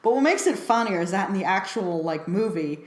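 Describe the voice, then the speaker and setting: A woman's voice: mid-range voice, expressive, brisk. Chatty woman reviewing a film, roomy sound. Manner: chatty, full of fillers, laughs often.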